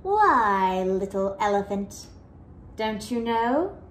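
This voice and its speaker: A woman voicing a smug, hungry male crocodile in a storybook reading, speaking slyly and slowly. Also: mid-range voice, sing-song, reverberant, slight background noise, voice pushed down.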